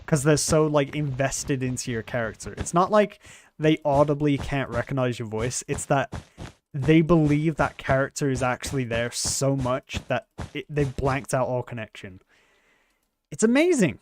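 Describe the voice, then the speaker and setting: Guy streamer just chatting, wanders off mid-thought, quirky way of talking, mid pitch, bit of faint hiss. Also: expressive, normal speed. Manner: rambling, trails off and restarts often; talks with many quirks, by his own account. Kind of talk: casual live-stream chat.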